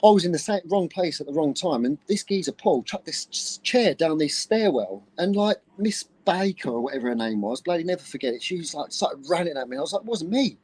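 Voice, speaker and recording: A man in his twenties from Luton with an English accent, telling stories in an animated, laddish way in a casual chat. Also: on the high side, slightly rough, poor audio. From England. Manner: animated, laddish slang, quick stop-start telling.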